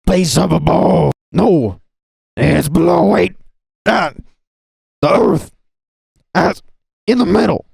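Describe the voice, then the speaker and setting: A man's voice: on the high side, takes it slowly, vocal fry, long pauses, darkish tone, slightly rough, dry recording, voice pushed up, exaggerated voice. A man voicing a crude young nihilist who rants aggressively, swearing and repeating himself. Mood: belligerent.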